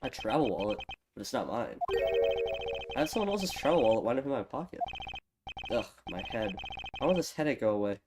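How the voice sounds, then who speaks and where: A man voicing a reserved male prosecutor in a deeper, measured, formal tone. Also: big pitch swings. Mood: wary. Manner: measured, formal, lower than his own voice. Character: composed adult male prosecutor, proud, reserved. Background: game music.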